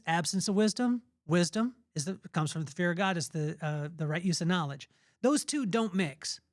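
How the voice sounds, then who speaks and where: A man's voice: high-pitched, darkish tone, dry recording, studio quality. A middle-aged man hosting a podcast. He gives an earnest, emphatic motivational talk on faith in a conversational way. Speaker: podcast host.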